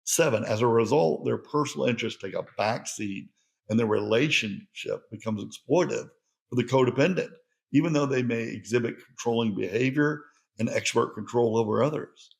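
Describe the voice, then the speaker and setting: A man's voice: medium pitch, normal speed, gravelly. A man hosting a solo podcast, speaking in an earnest, conversational and reflective way. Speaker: podcast host.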